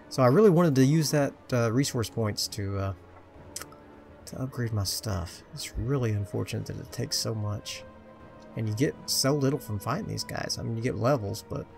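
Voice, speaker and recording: A man comments casually on his own video game play, chatty and muttering to himself while making jokes at his own expense. His voice is on the low side, with vocal fry.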